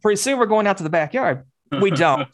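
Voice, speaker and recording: Woman swearing her way through a candid story, animated, middle pitch. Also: fairly quick. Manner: swears constantly, animated, acts out quoted dialogue. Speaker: guest telling a personal story.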